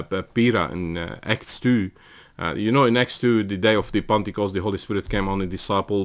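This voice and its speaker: Earnest preaching man, halting delivery. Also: lowish voice. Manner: earnest preaching with frequent fillers and restarts, rising to emphatic calls. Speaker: pastor. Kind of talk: sermon.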